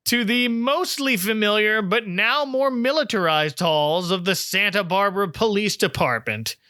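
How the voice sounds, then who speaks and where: A male podcast host with a high, bright voice recaps a TV episode, chatty and laughing easily. He is recorded close and dry, with no room sound. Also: normal speed, dry recording. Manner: chatty, laughs often, quotes the scenes.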